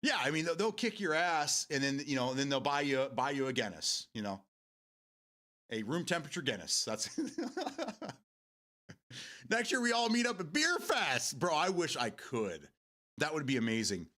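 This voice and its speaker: An American man talks loosely to his live-stream audience, wandering from thought to thought and breaking into laughter often. His voice sits in a middle register but swings widely in pitch. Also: big pitch swings, moderate pace, fairly bright tone. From United States. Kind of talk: casual chat with viewers.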